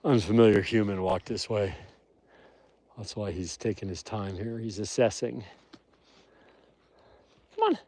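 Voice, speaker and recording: A man narrating a live stream outdoors in the snow on his way to a wolf habitat, talking quietly to viewers and calling to his dog and the wolves. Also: fairly low pitch, steady tone, normal speed. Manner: talks softly to his dog and wolves, rises when calling them. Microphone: phone, later a chest rig.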